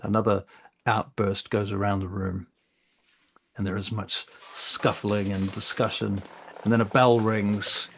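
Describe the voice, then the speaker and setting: A man running a tabletop game, narrating softly with frequent fillers and restarts. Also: lowish voice, flat delivery, a little slow, gravelly, husky. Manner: hesitant, filler-heavy, soft narration. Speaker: game master.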